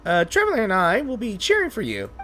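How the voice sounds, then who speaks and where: A man voicing a small, excitable floating girl companion in a game, reading her lines with squeaky, shrill exclamations. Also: fast talker, a little hiss or hum, heavily acted. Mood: chirpy.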